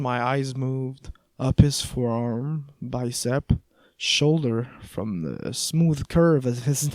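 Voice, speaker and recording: A man's voice: medium pitch, darkish tone, no echo. A man reading a first-person audiobook in a wry, conversational way. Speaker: audiobook narrator.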